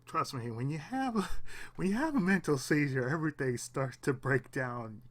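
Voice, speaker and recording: A man hosting his own channel, alone at home, giving a raw, halting confessional monologue on the verge of tears, with pauses, restarts and the odd swear. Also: a little high, lively intonation. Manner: halting, repeats himself, long pauses, swears. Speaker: channel host.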